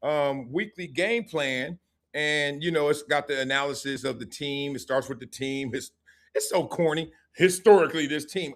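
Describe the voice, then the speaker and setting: Middle aged ex-player hosting a live sports stream, bit high voice, jokey storyteller. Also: male voice. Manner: animated storytelling with laughs and quick asides. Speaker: sports show host, former football player.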